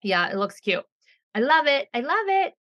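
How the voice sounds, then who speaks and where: A middle-aged woman co-hosting a podcast, chatting casually and reading out thanks, emphatic and quick to react with blunt humor. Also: sits high, sing-song, fairly bright tone. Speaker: podcast co-host. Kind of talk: casual chat and show reading.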